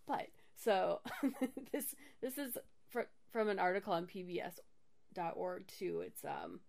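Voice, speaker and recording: A woman's voice: on the low side, a little slow, gravelly, darkish tone. Giggly woman chatting on a podcast. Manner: giggly, laughs often while reading out facts. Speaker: podcast co-host. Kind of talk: casual chat.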